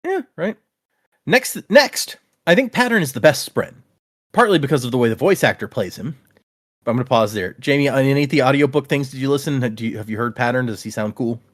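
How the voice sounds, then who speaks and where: A man's voice: medium pitch, expressive, brisk. Chatty male podcast host. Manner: chatty, reads listener emails aloud. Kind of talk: casual chat.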